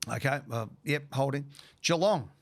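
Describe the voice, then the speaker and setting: An Australian man hosting a sports radio segment, briskly leading the talk through a list of teams in casual banter. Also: medium pitch, lively intonation. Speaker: radio host.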